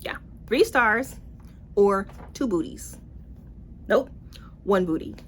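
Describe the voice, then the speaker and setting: Blunt, animated woman reviewing books. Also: medium pitch, takes it slowly, a little hiss or hum. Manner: blunt, animated, swears, playful asides. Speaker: book reviewer. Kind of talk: casual book review vlog.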